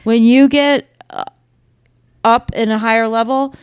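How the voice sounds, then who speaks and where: A woman co-hosting a podcast, recapping a TV episode in casual chat with lots of swearing and animated storytelling. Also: a little high, unhurried, clear, resonant tone, dry recording, studio quality. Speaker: podcast co-host.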